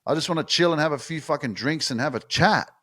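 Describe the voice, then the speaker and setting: A man's voice: fairly high pitch, fast, sharp tone, husky. A young man from Australia hosting a motivational podcast, talking bluntly and swearing freely.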